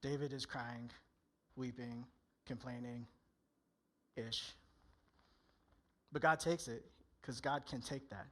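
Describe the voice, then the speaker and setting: A man's voice: mid-range voice, steady tone, takes it slowly, long pauses, a bit bright. A male pastor preaching a candid, conversational sermon in church, often acting out people's inner voices.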